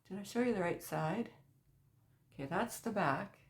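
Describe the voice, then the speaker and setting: A crafty woman unboxing her mail and gushing over every little thing, her pitch swinging up and down as she lingers on each word. She often sinks to a soft near-whisper. Her voice rings around an echoey room at home. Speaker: crochet channel host. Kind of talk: casual unboxing chat.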